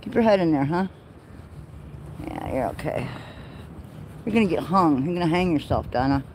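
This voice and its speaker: A woman's voice: low-pitched, expressive, moderate pace, darkish tone, a little hiss or hum, poor audio. A woman livestreaming from an outdoor farm pen, cooing baby talk to her goats and chicks in a casual way. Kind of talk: casual chat to farm animals.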